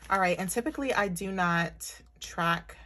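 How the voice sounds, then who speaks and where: A woman's voice: fairly low pitch, normal speed, bright, forceful tone. Chatty woman counting cash aloud. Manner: chatty, talks to viewers as y'all, counts money aloud. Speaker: budgeting vlogger. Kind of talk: casual chat while counting cash. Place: her bedroom upstairs at home.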